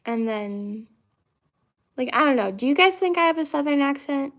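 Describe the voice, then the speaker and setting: A woman's voice: high-pitched, lively intonation, normal speed, a bit bright. A young woman from Florida chatting casually to her viewers, rambling with lots of fillers and restarts. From Central Florida, US. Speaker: vlogger. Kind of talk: casual chat to camera.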